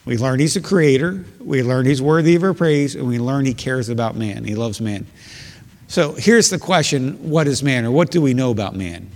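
A man's voice: mid-range voice, moderate pace, a little mellow. A man preaching as a pastor, explaining scripture with rhetorical questions and reading verses aloud. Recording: long hall reverb.

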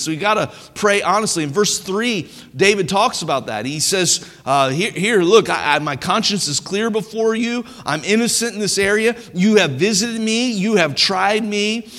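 A man preaching a sermon as pastor, animated and conversational, often stumbling over restarts as he talks. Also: high-pitched, normal speed, few pauses, big-room sound. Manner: animated preaching with stammered restarts and playful impressions.

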